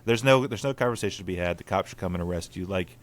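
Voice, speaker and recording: A man's voice: deep voice, racing, slight background noise. A man, hosting a casual podcast chat and telling stories earnestly with many "like" fillers. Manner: storytelling, earnest, lots of "like" fillers. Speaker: podcast host.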